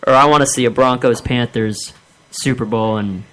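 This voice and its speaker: A man's voice: mid-range voice, fairly even intonation, normal speed, a bit bright, low-quality recording. Male co-host, easygoing, casual chat.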